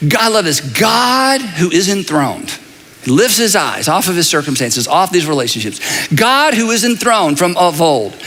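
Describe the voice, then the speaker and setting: Middle-aged man preaching, high and sharp in tone, animated delivery, echoing hall. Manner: animated, conversational preaching with repeated phrases and asides. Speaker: pastor. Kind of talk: sermon. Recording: long reverb of a large hall.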